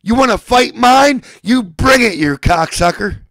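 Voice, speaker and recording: A man's voice: animated, measured pace, no room sound, poor audio. Furious man in a dry room. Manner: furious, threatening, shouting then seething low. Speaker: ranting speaker. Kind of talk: angry profane rant.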